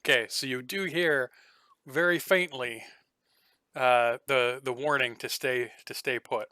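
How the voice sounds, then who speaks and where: A man's voice: medium pitch, steady tone, a little slow, bright, forceful tone, clean tone, no echo. A man narrating a tabletop game as game master, hesitant with lots of fillers.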